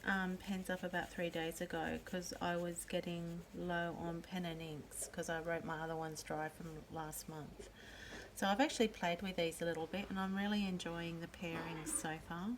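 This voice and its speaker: A woman hosting a pen and ink video, calmly naming each pen and ink as she shows them. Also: on the low side, slight background noise. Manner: gentle, unhurried, pausing to name each pen. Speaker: pen and ink channel host. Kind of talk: slow show-and-tell narration.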